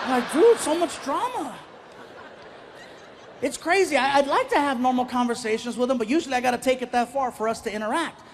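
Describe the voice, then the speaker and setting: A middle-aged man doing stand-up comedy, telling stories in an animated way and acting out other people's voices. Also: extremely high pitch, fast talker, few pauses, slight background noise.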